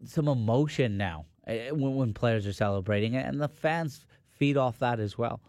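A man's voice: mid-range voice, moderate pace, darkish tone, dry recording. A man giving studio sports analysis, offering firm opinions and often restarting his sentences.

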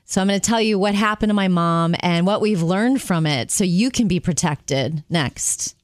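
Female talk show co-host, earnest, resonant and a little low, dry booth sound. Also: moderate pace, no echo. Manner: earnest, storytelling. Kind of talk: casual chat.

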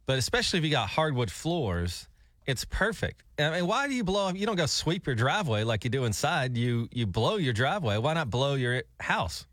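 A man's voice: mid-range voice, big pitch swings, fairly quick, a bit bright, no room sound, studio quality. A man hosting morning radio, talking in a playful, insistent way. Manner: playful, insistent, laughs easily. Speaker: radio host.

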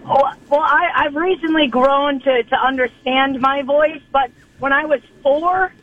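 A woman calling a radio show, with a hoarse, raspy voice, speaking in halting, self-conscious casual chat. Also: high-pitched, narrow, tinny audio. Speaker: caller.

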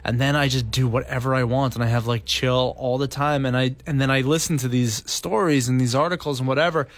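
A Canadian man co-hosting a casual podcast, jokey and animated, jumping into silly voices. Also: medium pitch, fairly quick, no echo. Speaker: podcast co-host.

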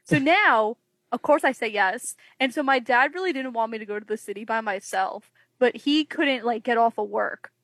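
An animated young woman with a fairly high voice tells stories on a podcast. She slips into quoted voices of friends and family as she goes. The recording is dry and close. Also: normal speed, no room sound. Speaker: wrestling journalist guest. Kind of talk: casual podcast storytelling.

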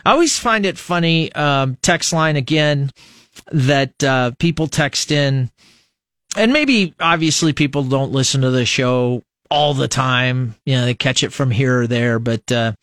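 A man's voice: mid-range voice, measured pace, a bit bright, no echo. A middle-aged man from the United States hosting a local radio show in a studio, rambling in a casual, self-mocking way and laughing at his own slips. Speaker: radio host. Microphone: studio microphone.

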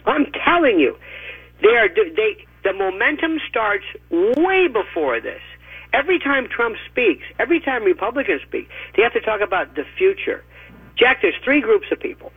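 A man giving emphatic, rapid-fire opinionated commentary as a radio guest, with a husky voice and mocking asides, heard over a phone line. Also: high voice, very animated, dry recording. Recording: tinny dry phone line.

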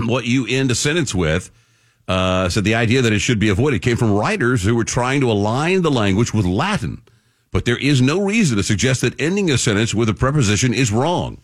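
A man's voice: medium pitch, animated, brisk, no room sound, studio quality. A man hosting a radio talk show, chatting casually and reading out news items with wry asides. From Florida.

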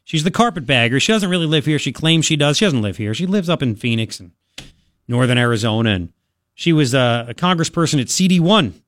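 A man hosting a political talk radio show, rambling and sarcastic in an animated way. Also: a little high, dry recording, studio quality.

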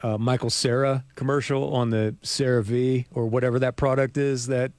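A man's voice: medium pitch, flat delivery, moderate pace, darkish tone, no echo. Guy cohosting a sports talk show, mid voice, rambles and laughs a lot, dry studio mic. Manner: chatty, laughs often, rambling asides. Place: radio studio.

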